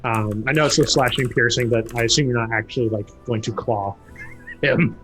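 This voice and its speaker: A man narrating a tabletop game as game master, who breaks into loud, high voices for the characters. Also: brisk, soft background music. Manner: lively, acts out characters with loud jumps in pitch.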